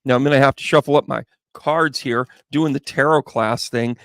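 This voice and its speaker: A man's voice: mid-range voice, steady tone, moderate pace, vocal fry, a bit bright, no echo, clean studio sound. A man hosting a live tarot reading stream, chatting casually and playfully with viewers and rambling through jokey asides. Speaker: psychic medium and tarot reader, live stream host.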